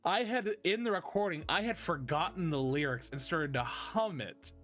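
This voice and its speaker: Animated male podcast host with slight lisp. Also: on the high side, normal speed, soft background music. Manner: animated storyteller, hums song snippets. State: tired, strained voice. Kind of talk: casual interview chat.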